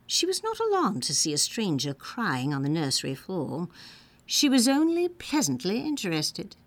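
A woman narrating a children's story in a playful, expressive reading. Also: mid-range voice, moderate pace, no echo.

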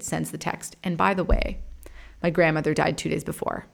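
Woman in her 30s telling a story on her podcast, kinda low voice with lots of fry, swears and laughs a bunch. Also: normal speed. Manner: frank and animated, swears casually, laughs often. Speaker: podcast host and meditation teacher. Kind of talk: candid personal storytelling.

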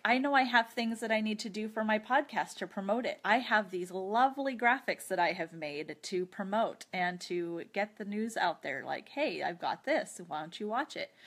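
An earnest woman talking openly on her own podcast in a chatty, confessional way. She sounds a little teary after crying, and her voice sits at a middle pitch. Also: a bit bright. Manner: earnest, open, chatty with light laughs. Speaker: podcast host. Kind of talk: personal confessional talk with prayer.

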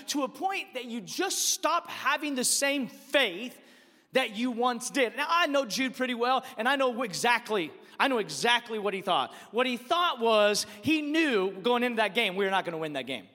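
A male pastor, animatedly telling a personal story as he leads into his sermon in a church. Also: very high-pitched. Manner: animated storyteller, quick asides. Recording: long reverb of a large hall.

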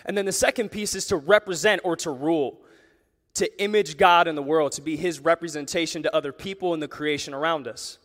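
A man preaching to a church audience in a lively, conversational way. His voice sits a little high, and he keeps firing off rhetorical questions. The long reverb of a large hall trails behind every phrase. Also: a little fast. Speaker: pastor. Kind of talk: sermon.

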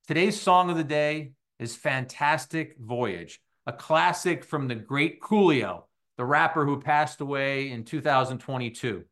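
Voicing the characters in his story, a middle-aged sports podcast host narrates animatedly in a medium-pitched voice. It's a casual monologue built around one lively anecdote.

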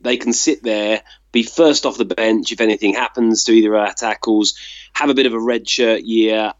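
Rambling low-voiced man, dull dry sound. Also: dry recording. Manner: rambling, loose, lots of fillers. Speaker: podcast co-host. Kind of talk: casual sports chat.

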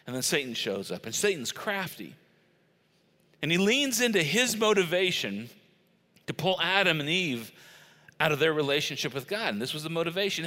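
A man's voice: fairly high pitch, big pitch swings, normal speed, bright, forceful tone. A middle-aged man preaching a sermon, telling stories conversationally with emphatic stresses. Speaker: pastor. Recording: long reverb of a large church hall.

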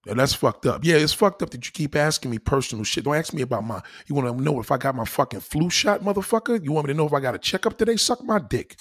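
Husky man in a profane rant. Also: very animated, fast talker, few pauses. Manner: loud, crude, swings between low mutters and high exclaims. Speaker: vlogger ranting to camera.

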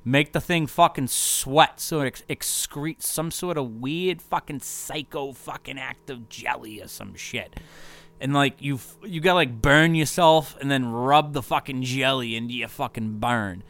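A man recapping his tour days in a loose, wandering ramble, swearing every few words and filling gaps with "uh" and "like". His voice sits at an ordinary middle pitch, unhurried and offhand. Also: creaky, a bit bright. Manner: loose, profane, rambling with constant fillers. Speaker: touring musician.

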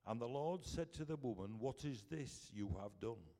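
A man with a Yorkshire accent reading scripture aloud, slowly and deliberately. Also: medium pitch, lively intonation, warm tone. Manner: slow and deliberate. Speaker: scripture reader. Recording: echoey hall from far off.

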